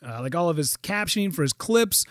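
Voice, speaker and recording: A man with a high voice who spins his stories with energy and acts out every quote. He swears freely and the sound is dry and close. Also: expressive, brisk, fairly bright tone, no echo. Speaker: guest. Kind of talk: casual podcast chat.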